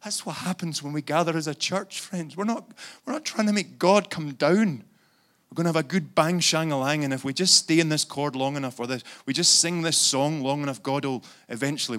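Fervent high-voiced preacher. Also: male voice, a bit bright. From Scotland. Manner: impassioned, pleading, rising to fervent prayer. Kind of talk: sermon.

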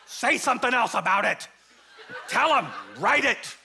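A man's voice: very high-pitched, animated, unhurried, creaky, slight background noise, exaggerated voice. A man preacher imitating a fervent pastor who gushes about family and community. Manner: fervent, exclaiming, louder.

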